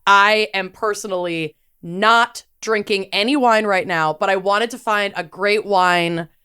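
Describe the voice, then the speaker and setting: A woman's voice: medium pitch, measured pace, pushed and bright, clear, resonant tone. A woman co-hosting a casual podcast, bubbly and playful in her banter. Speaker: podcast co-host. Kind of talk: casual chat.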